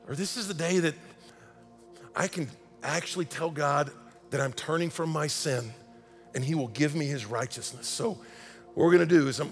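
Gravelly high-voiced preacher in a reverberant sanctuary. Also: male voice, normal speed, long pauses, soft background music. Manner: impassioned, swings from loud emphasis to hushed intensity. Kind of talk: sermon. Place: large church sanctuary. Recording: long hall reverb.

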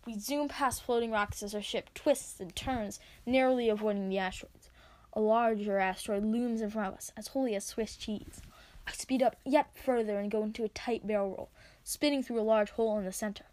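A woman reading her own story aloud, expressive as she narrates. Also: mid-range voice, fairly quick. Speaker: reader.

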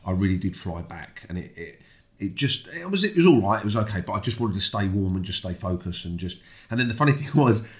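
A British man, a guest, telling a story in casual conversation, animated, acting out the voices he quotes. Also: fast talker. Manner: animated, acts out quoted voices with big pitch jumps.

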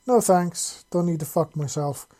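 A man voicing a menacing male wanderer who puts on an accent and talks in a slow, mock-polite drawl. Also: on the high side, warm tone, pitched above the performer's own voice.

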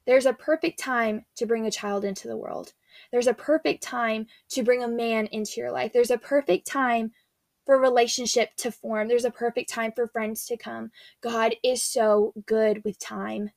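A woman's voice: fairly high pitch, steady tone, moderate pace, gravelly, a little mellow, no room sound. Earnest, chatty young woman, dry sound. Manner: chatty, earnest, slangy storytelling. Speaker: faith speaker. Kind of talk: casual devotional talk.

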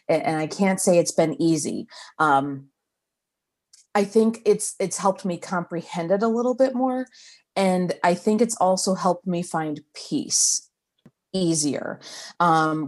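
A woman's voice: low voice, vocal fry, a little mellow. A woman being interviewed, telling her story in a chatty, hesitant way with frequent restarts. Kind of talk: casual oral history interview.

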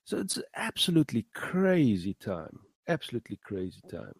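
A man hosts a motivational talk in a slow, gravelly voice that swings widely in pitch. He halts often, repeats words and leans hard on key phrases. The sound is dry and close. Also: big pitch swings, no room sound. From South Africa. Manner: halting, many fillers and repeated words; earnest, rising emphasis on key phrases. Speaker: podcast host. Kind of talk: motivational monologue.

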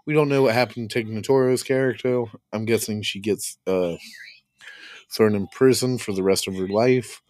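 A man's voice: lowish voice, fairly even intonation, normal speed, darkish tone, no room sound, clean studio sound. A man hosting a podcast in casual chat about a film, laughing often and acting out scenes in quotes. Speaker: podcast host. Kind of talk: casual movie review chat.

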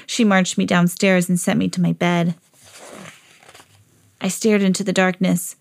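A woman's voice: lowish voice, unhurried, creaky. A woman reading a children's storybook aloud as a lovable, eager female pet dog. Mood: earnest. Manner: earnest storybook reading, rising excitedly.

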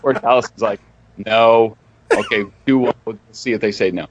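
A man's voice: lowish voice, fast, dull audio, a little hiss or hum. A male voice actor guesting on a podcast, telling jokey stories with constant laughter. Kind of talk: casual chat.

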